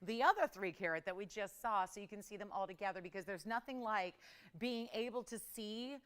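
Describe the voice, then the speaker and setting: A woman's voice: a bit bright, clean tone. Chatty woman hosting a TV jewelry sale. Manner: upbeat, chatty, fast-moving pitch. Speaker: jewelry shopping show host. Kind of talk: live TV shopping sales pitch. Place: TV studio.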